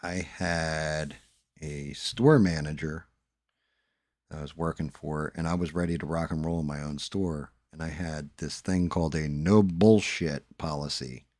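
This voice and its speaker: A man's voice: extremely low pitch, darkish tone, no echo, studio quality. A man hosting a live stream, telling stories casually and swearing freely. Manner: laid-back storytelling with swearing.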